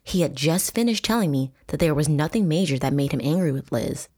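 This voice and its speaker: A woman hosting a true crime podcast, reading book passages aloud with profane asides and dramatic shouting. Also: deep voice, expressive, fairly quick, breathy edge. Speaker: podcast host.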